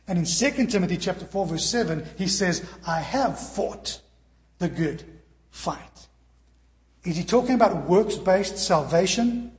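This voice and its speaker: A higher-voiced man preaching a sermon and often turning questions back to his congregation. His voice rings through a large echoey hall with a long tail of reverb. He keeps it animated, stretching some words out slowly for weight. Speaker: pastor.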